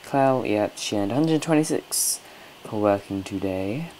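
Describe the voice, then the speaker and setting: A man's voice: lowish voice, expressive, unhurried, darkish tone, a little hiss or hum. A man hosting a casual gameplay commentary from home, chatty, coaxing and scolding his game characters. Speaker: let's play host.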